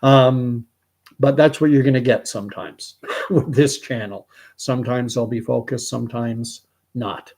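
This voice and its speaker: A middle-aged Canadian man with a Canadian accent, chatting casually on his vlog and reading viewer comments, halting and rambling with many restarts. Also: medium pitch, steady tone, darkish tone. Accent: Canadian English.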